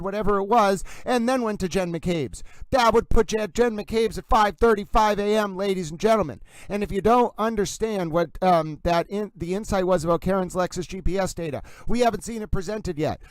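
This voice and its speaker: A man with a Massachusetts accent hosts a commentary stream and argues each point with insistence. His voice sits high and sounds smooth and clear. The sound is dry and close. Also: dry recording. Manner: emphatic, insistent, repeatedly addresses "ladies and gentlemen". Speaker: livestream host.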